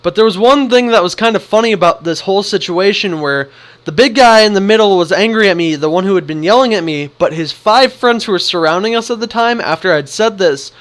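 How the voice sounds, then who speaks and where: A young man tells a story in a casual, animated way, slipping into the voices of the people in it. His voice is high for a man. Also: a little fast. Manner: animated, acts out the quotes. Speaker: vlogger.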